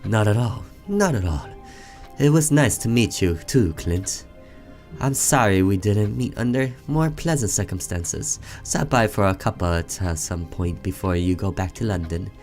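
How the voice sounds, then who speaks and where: A man's voice: fairly low pitch, animated, measured pace, a little mellow, faint music behind. A man voicing a nervous, overly polite male neighbor who apologizes and fusses as he speaks. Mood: flustered polite. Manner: apologetic and fussy.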